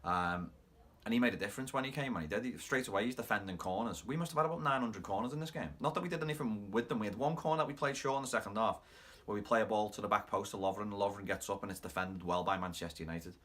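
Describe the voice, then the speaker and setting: A man with a Scouse accent hosting a football fan channel, recapping a match with animated, rapid play-by-play commentary. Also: lowish voice.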